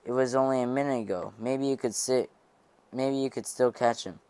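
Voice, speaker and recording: A man reading as a gentle consoling woman. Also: medium pitch, normal speed, clear, resonant tone, no echo, natural voice. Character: woman bearing bad news, gentle. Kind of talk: amateur audiobook reading.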